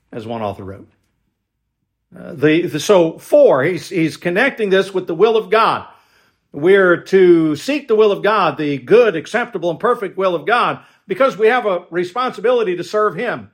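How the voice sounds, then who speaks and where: High-voiced male pastor, measured sermon delivery with frequent restarts and asides.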